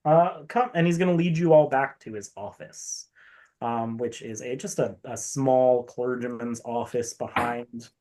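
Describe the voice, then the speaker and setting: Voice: medium pitch, measured pace, dark tone. A game master narrating a tabletop game in a casual way, with lots of fillers.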